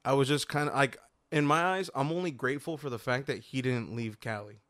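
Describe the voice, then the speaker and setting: Expressive young male podcast co-host. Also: mid-range voice, a little fast, dry recording, studio quality. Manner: expressive storyteller, gets loud when excited. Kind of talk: casual podcast chat.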